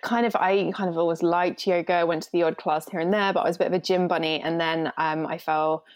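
A woman's voice: on the low side, fairly even intonation, quick pace. A woman from England in her thirties, a yoga teacher talking candidly and rambling a little as a podcast guest. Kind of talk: podcast interview.

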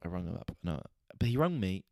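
A man hosting a podcast, telling a story in an exasperated, sweary, animated rant. He is a stand-up comedian talking casually. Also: low-pitched, a little fast, gravelly, dry recording, clean studio sound. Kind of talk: casual ranting monologue.

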